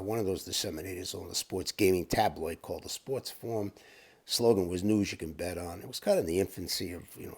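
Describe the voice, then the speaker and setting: A man's voice: sits low, gravelly, husky. An older man hosting his own channel, talking in a loose, rambling way with lots of asides. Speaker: channel host. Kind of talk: casual storytelling to camera.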